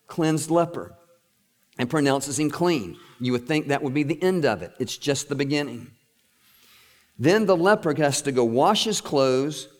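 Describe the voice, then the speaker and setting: A middle-aged male preacher delivers a sermon as animated storytelling. His voice sits fairly high, and long reverb from the hall trails after each phrase. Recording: echoey hall.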